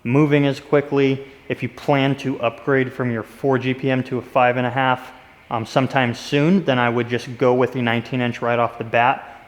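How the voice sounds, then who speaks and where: A man's voice: mid-range voice, long reverb tail. A man who runs a pressure washing business, casually walking viewers through equipment and talking straight to them as "you guys.". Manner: enthusiastic, direct, addresses viewers as "you guys". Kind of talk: casual product walkthrough.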